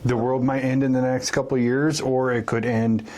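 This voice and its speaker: A man's voice: mid-range voice, flat delivery, moderate pace, a little mellow, slight background noise. A man co-hosting a podcast in casual banter, joking crudely and swearing often. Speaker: podcast co-host.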